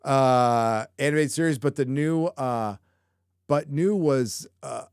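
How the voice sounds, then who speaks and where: Speaking slowly in a clean, medium-pitched voice, a live show host works through viewer chat questions, rambling, swearing and joking as he goes. The recording is dry and studio quality.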